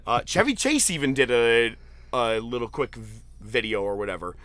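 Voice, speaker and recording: A man hosting a casual podcast chat, retelling jokes with excited, profane laughter. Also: mid-range voice, moderate pace, clear, resonant tone. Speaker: podcast host. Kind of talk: casual chat recapping an event.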